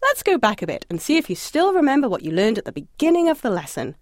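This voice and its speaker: A woman's voice: fairly high pitch, wildly swooping pitch, quick pace, no echo. Woman teacher talking thru an audio lesson, encouraging, bouncy intonation, dead dry sound. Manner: encouraging, lightly humorous. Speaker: language course instructor. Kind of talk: scripted audio lesson narration.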